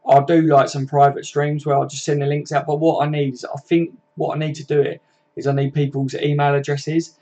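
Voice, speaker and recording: A man's voice: fairly high pitch, level tone, brisk, mellow. Blunt chatty Scouse man streaming. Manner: blunt, chatty, swearing, frequent laughs. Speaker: fan channel live streamer. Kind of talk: casual live stream chat reading comments. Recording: dull lo-fi stream audio.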